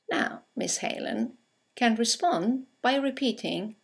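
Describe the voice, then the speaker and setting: A woman teaching English in a scripted lesson, speaking with clear, careful delivery as she reads out example phrases. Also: mid-range voice, expressive, measured pace.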